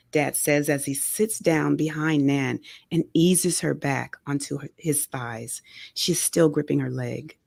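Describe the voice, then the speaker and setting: Woman author, low gravelly voice; measured, expressive reading of her memoir, dry studio sound. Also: no echo. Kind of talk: reading a memoir excerpt aloud. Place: radio studio. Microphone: studio microphone.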